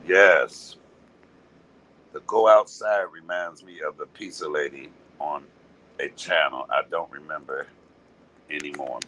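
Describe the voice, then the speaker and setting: A man's voice: sits low, fairly bright tone, a little hiss or hum, low-quality recording. A man, ranting to his viewers in a profane, confrontational and mocking way. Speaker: live-streaming commentator. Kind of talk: casual rant to viewers.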